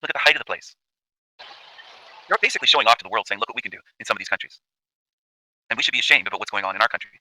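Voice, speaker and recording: A man's voice: fairly low pitch, animated, very fast, pauses often, pushed and bright, rough recording. A man from Canada, hosting his own channel, delivering an emphatic, profane, repetitive rant as commentary over video footage. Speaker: channel host.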